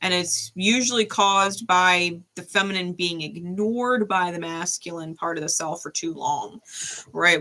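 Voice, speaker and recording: A woman's voice: lowish voice, pushed and bright. A woman giving a live-stream tarot reading in a casual, chatty way, often asking "right?" and laughing often. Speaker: tarot reader.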